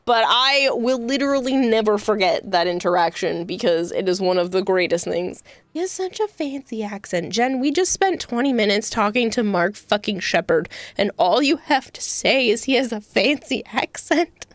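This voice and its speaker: A young woman streamer chats casually, spinning anecdotes with bursts of laughter and quick side remarks. Her pitch sits in the middle of the usual range. The sound is dry and close, with little room around it. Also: dry recording. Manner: animated, laughs often, quick asides. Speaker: livestream host. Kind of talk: casual storytelling chat.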